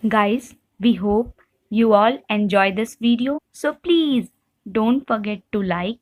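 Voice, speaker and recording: A woman with a fairly high voice reads a channel sign-off. She speaks very slowly and evenly, sounding scripted. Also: dry recording. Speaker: channel host. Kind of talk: scripted video outro.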